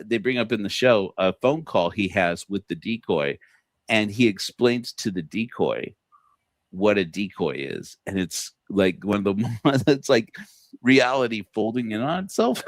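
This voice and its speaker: A man's voice: fairly low pitch, lively intonation, measured pace, no echo. A man hosting a casual livestream, rambling with many fillers and restarts and laughing at his own jokes. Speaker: podcast host.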